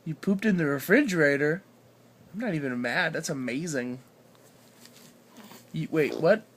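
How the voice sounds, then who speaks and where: A man's voice: a little high, measured pace. A father talking playfully to his baby daughter at home in baby talk, then apologizing to her.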